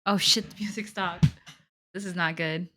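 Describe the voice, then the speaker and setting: A woman's voice: on the low side, steady tone, normal speed, loud music behind the voice. Woman gamer, let's play commentary, reads game text aloud, reactive, swears a lot. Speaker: gaming streamer.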